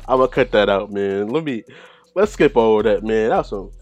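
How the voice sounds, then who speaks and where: A man's voice: lowish voice, animated, fast talker, a little mellow, soft background music. A man hosting a solo podcast, rambling in loose, profane casual chat and laughing often. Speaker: podcast host.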